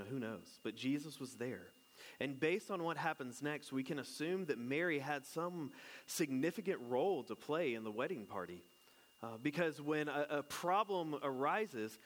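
A man, a pastor who is married and has children, giving a casual, conversational sermon. He jokes and keeps asking his listeners questions. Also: medium pitch. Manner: chatty and joking, asks the congregation questions.

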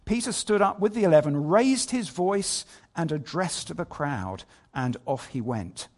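Lively, slightly high-voiced male preacher. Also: measured pace. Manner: asks many rhetorical questions; storytelling delivery with scripture readings. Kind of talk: sermon.

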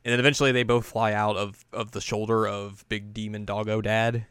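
A man's voice: on the low side, flat delivery, fairly quick, a bit bright, clear, resonant tone, no echo. A man co-hosting a podcast, recapping an anime in casual, joking, sarcastic chat. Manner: joking, sarcastic, laughs often. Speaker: podcast co-host.

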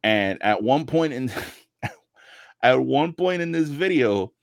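A man on a casual wrestling podcast, telling animated stories, swearing freely and acting out the people he quotes. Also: medium pitch, slow pace, creaky, no room sound. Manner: animated storytelling, heavy swearing, acts out quotes.

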